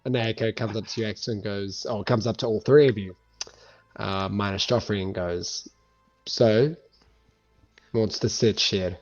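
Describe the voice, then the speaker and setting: Low-voiced game master on a lo-fi recording. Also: male voice, fairly even intonation, moderate pace. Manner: loose, full of fillers. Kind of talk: narrating a tabletop game. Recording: muffled lo-fi with faint music.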